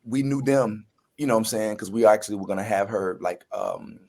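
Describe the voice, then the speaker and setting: A man's voice: on the low side, fairly quick, darkish tone. A man, a guest actor telling his story in a casual interview. He acts out the voices he quotes and often restarts his sentences.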